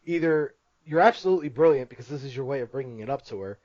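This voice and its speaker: A man hosting a casual podcast, talking in long rambling runs and breaking into laughs at his own jokes. His voice sits at an average pitch. The recording is dry and a bit muffled. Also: lively intonation, quick pace, a little mellow, no room sound. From Italian-American family. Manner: rambling, laughs often, jokey. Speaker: podcast host.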